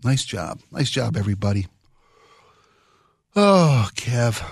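Rambling, husky-voiced male radio host. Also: medium pitch, sing-song, slow pace, no room sound, studio quality. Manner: rambling, enthusiastic, nostalgic. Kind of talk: casual radio chat. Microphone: studio microphone.

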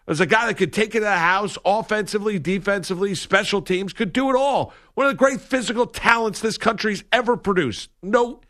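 A man co-hosting a sports talk show, talking in an animated, opinionated way with lots of emphasis. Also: sits high, a little fast, hardly any pauses. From grew up a Washington football fan.

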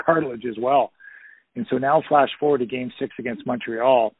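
A former hockey player in his fifties tells long anecdotes over the phone, rambling and full of fillers. His voice is husky and middle-pitched, and the line sounds thin and tinny. The sound is dry. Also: dry recording. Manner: rambling, many "you know" fillers, anecdotal. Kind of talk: casual storytelling interview.

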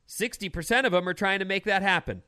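A man's voice: sits high, fast talker, pushed and bright, clear, resonant tone. A man hosting a radio show, chatting casually and reading quirky news items with an opinionated, teasing manner.

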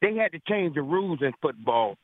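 Opinionated older caller on a tinny phone. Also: male voice, fairly high pitch, big pitch swings, brisk, no echo. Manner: opinionated, storytelling. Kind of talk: call-in sports chat.

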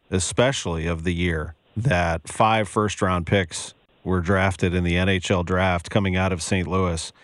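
A man's voice: low voice, no room sound, clean studio sound. A man interviewing a guest with leading, conversational prompts. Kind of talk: interview questions.

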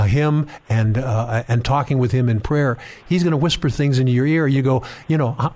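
Guy hosting a faith show, preachy, talks right to the listener, mid voice. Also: mid-range voice. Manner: warm preacherly, addresses listeners. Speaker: host. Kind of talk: faith talk show interview.

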